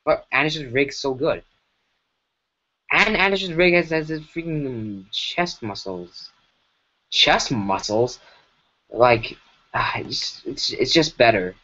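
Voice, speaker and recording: A man's voice: mid-range voice, animated, slow pace, long pauses, bright, forceful tone. A man streaming live as he works, talking casually in a rambling, self-correcting way with lots of fillers, through a broken mic. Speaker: streamer animating. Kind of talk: casual livestream commentary. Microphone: broken computer mic. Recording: dull lo-fi mic.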